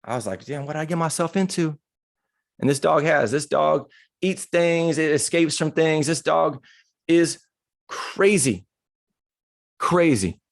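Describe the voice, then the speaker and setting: A man's voice: mid-range voice, vocal fry, no echo, studio quality. A man giving a motivational talk, telling personal stories in a casual, candid and humorous way. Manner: casual, conversational, acts out dialogue in stories. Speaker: motivational speaker.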